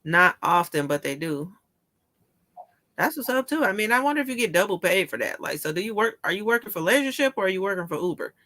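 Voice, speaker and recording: Bright-voiced, animated woman storyteller. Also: medium pitch, quick pace. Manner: animated storyteller, laughs often, swears casually. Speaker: show host. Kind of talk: casual chat.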